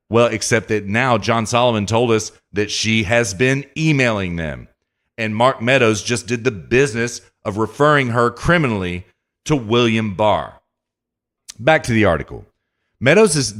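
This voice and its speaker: A man's voice: medium pitch, fairly bright tone. A man hosting a podcast, reading news aloud and commenting emphatically in a political monologue, speaking straight to his listener. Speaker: podcast host.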